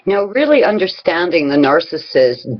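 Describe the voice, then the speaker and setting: A woman's voice: on the low side, sing-song, normal speed. A woman vlogger telling personal stories and giving advice in a blunt, profane, conversational way. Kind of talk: personal storytelling advice vlog. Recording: dull lo-fi recording.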